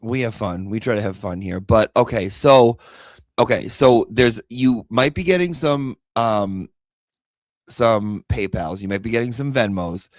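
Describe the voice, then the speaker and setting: A man's voice: fairly low pitch, a little slow, no room sound. A man hosting a casual livestream chat, talking loosely with lots of fillers and restarts. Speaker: livestream host.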